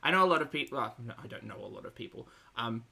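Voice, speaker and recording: A woman's voice: very deep voice, animated, rapid-fire, gravelly, sharp tone, husky. A woman streamer casually commenting on a video, chatty and sarcastic, swearing and laughing often. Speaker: reaction streamer.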